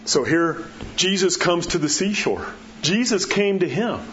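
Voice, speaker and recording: A man's voice: very animated, measured pace, a bit bright. Man preaching a conversational sermon. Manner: conversational preaching, acts out quotes, drops low for emphasis. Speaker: pastor. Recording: dull muffled sound with faint background hiss.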